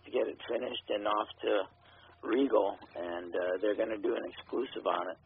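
A man's voice: fairly low pitch, normal speed, slightly rough. A man, a filmmaker guest, talking casually in an interview, hesitant, with many ums. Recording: phone-like radio audio.

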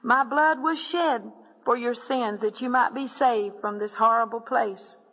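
Gravelly woman reading a testimony. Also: fairly high pitch, unhurried, fairly bright tone, long reverb tail, rough recording. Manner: earnest, addresses listeners as "my friend". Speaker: narrator of a religious testimony.

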